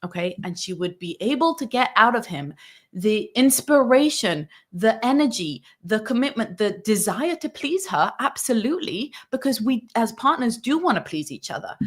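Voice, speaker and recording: A woman's voice: mid-range voice, a bit bright. A woman relationship coach talking earnestly to her viewers, often checking in with "right?" and acting out sample lines a partner could say. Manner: earnest, coaxing, acts out sample dialogue, tag questions like "right?". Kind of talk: coaching monologue breaking down a film scene.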